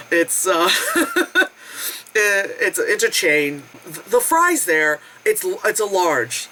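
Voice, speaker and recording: A vlogger telling a casual, animated food story, acting out quotes with big pitch jumps, laughing and swearing often. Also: a little slow, poor audio. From United States.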